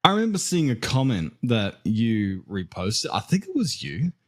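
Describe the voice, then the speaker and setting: A man's voice: medium pitch, huge pitch swings, a little slow. A man with a New Zealand accent, a podcast guest chatting casually and laughing at himself. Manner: laughing, self-mocking, loose and chatty. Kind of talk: casual chat.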